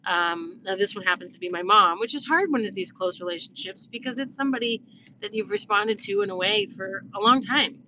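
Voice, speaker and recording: A woman's voice: mid-range voice, lively intonation, fairly quick, sharp tone. Middle-aged woman, casual reflective vlogger, chatty with fillers; slightly muffled, faint noise behind. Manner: chatty, many fillers and restarts. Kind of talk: casual reflective talk to viewers.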